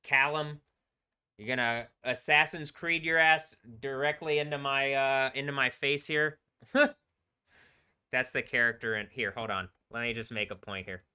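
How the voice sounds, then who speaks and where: A man's voice: mid-range voice, steady tone, a little slow, sharp tone, clean tone. A man streaming alone, talking in a rambling, profane way and laughing between remarks. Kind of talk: rambling solo livestream talk. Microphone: computer microphone.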